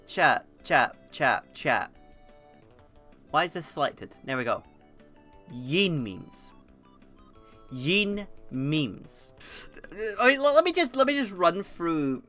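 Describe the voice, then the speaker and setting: A woman chatting through a meme stream, with a bright voice and a rambling, easily amused delivery. Her pitch swoops up and down as she tells stories, and she swears freely and breaks into laughter often. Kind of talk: casual live-stream commentary on memes. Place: home desk setup.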